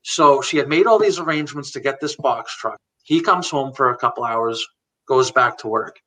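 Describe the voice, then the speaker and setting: A man in his forties tells his life story as a guest in a live chat, candid and plain-spoken, replaying conversations line by line. His voice is bright and forward. He sits a little back from the microphone, so he sounds slightly distant. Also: mid-range voice, normal speed. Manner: candid, retells conversations word for word, laughs now and then. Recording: voice a bit far from the mic.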